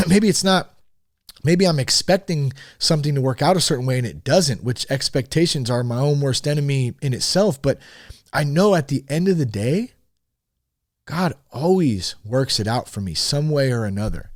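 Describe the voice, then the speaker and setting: A man in his thirties hosting a podcast, talking frankly in a casual, animated monologue. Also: mid-range voice, normal speed, no echo, studio quality. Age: 30s. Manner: animated and frank, with swearing and rising emphasis. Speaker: podcast host.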